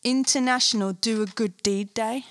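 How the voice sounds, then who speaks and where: A woman's voice: on the high side, steady tone, no echo. A woman co-hosting a podcast in casual, giggly chat. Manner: chatty, giggly, quick asides. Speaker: podcast co-host.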